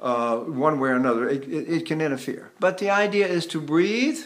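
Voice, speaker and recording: An older male voice teacher with a slightly high voice gives a vocal lesson at a moderate pace, explaining technique in a chatty, folksy way. He breaks off mid-explanation to hum and sing short syllables as demonstrations.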